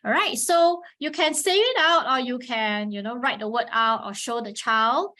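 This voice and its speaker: A woman with a fairly high voice teaches over a webinar mic in a patient, methodical way. She keeps checking in with listeners and breaks into exaggerated rises and falls when she demonstrates a sound. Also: moderate pace. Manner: patient teacherly explaining, frequent "all right" check-ins; models Mandarin tones with sharp pitch swings. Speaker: webinar presenter on teaching Chinese. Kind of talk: instructional webinar talk.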